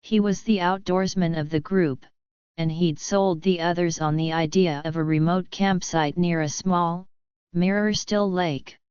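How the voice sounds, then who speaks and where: A woman narrating bedtime horror stories in a calm, soft, hushed and atmospheric way, as the regular host of the channel. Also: fairly low pitch, unhurried, clean tone, no echo, lo-fi sound.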